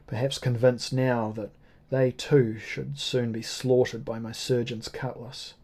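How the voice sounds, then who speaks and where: A man narrates a novel in a steady, measured reading. His voice is mellow and dark, and it stays on a narrow, level line of pitch. The delivery is sombre and unhurried. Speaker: audiobook narrator. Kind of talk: scripted first-person narration.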